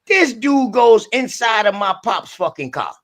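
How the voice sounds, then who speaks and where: A man with a fairly high, bright, forceful voice tells a story in loose street slang, heavy with curses. He acts out the voices of the people in his tale, coming through an online group call. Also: sing-song, unhurried, creaky. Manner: profane, loose street talk. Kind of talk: casual storytelling.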